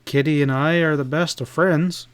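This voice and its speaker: A man reading the part of a grave, brooding young cowboy in a low, subdued tone. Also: fairly even intonation, normal speed, clear, resonant tone, natural voice. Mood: dull subdued.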